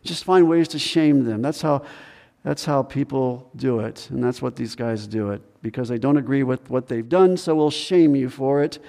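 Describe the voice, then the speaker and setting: A man preaching a sermon as pastor, animated, acting out the voices of people in the story. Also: on the high side, normal speed, in a large hall. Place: church sanctuary.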